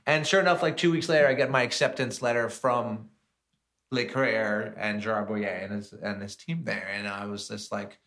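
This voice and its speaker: Chef guy on a podcast, bright voice, lowish pitch, rambling animated stories. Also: moderate pace. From United States. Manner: animated, lots of fillers and acted-out quotes. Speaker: chef and restaurateur, podcast guest. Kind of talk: casual storytelling chat.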